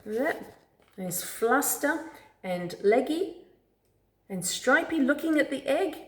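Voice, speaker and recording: Slow, lively woman reading aloud. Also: high voice. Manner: slow, lively storytelling with asides to the child. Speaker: storybook reader to a child. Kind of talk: reading a picture book aloud. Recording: echoey room.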